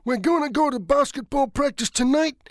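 A man voicing a bold, excitable teenage boy in a storybook reading, in a raised voice. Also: extremely high pitch, fairly quick, no room sound, studio quality, voice pushed up. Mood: excited.

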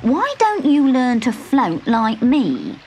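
Woman playing a teasing male frog, slow drawl, a bit higher, storybook, music behind. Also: wildly swooping pitch, darkish tone, a little hiss or hum, full character voice. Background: background music.

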